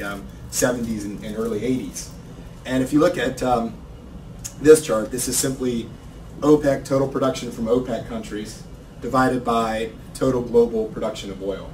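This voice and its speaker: A man's voice: medium pitch, a little mellow. A man giving an unscripted talk at a conference, loose and full of ums and uhs. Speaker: energy market analyst presenter. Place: conference room. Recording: roomy, distant, faint noise.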